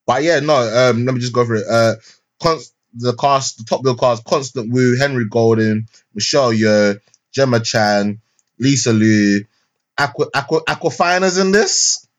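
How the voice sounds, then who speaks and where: A man's voice: mid-range voice, moderate pace. A young man, co-hosting a podcast in casual chat, rambling with lots of fillers, restarts and street slang. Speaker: podcast co-host. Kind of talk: casual chat, film review. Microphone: remote call mic.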